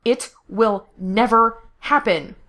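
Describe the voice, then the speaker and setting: A woman's voice: a little high, lively intonation, moderate pace, pitched above the performer's own voice, lightly acted. A woman voicing a defiant young man who snaps his words out in a raised voice. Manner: snapping, raised and tense. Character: defiant young man, sharp-tongued and scared.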